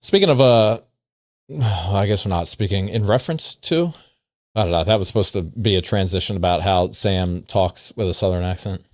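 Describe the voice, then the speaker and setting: A man's voice: deep voice, normal speed, darkish tone, dry recording. Dry-voiced wry podcast host man. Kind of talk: casual podcast chat.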